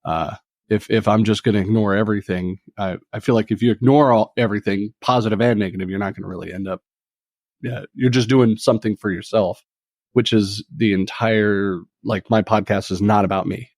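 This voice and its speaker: A man who hosts a true crime podcast, speaking in a measured, hesitant way in a roundtable discussion. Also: on the low side, steady tone, a little mellow, dry recording, studio quality.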